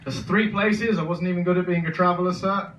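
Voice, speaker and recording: A young man with a Birmingham accent doing a deadpan, self-deprecating stand-up set in a comedy club. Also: high voice, a little fast, muffled recording, background noise. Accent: Birmingham English. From England. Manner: deadpan self-deprecating, many filler ums. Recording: roomy club sound from a distance.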